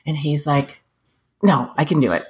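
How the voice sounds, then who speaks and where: A woman in her thirties, low-voiced and speaking at a moderate pace, tells a funny story about herself in casual conversation. She's animated and pokes fun at herself, laughing often.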